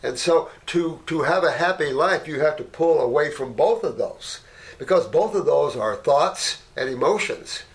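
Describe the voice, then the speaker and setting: Rambling, animated man telling stories. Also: normal speed. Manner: rambling, peppered with "you know" and "right?"; animated, jumps up in pitch when telling stories. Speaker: herbalist running a clinic. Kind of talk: casual anecdotal talk.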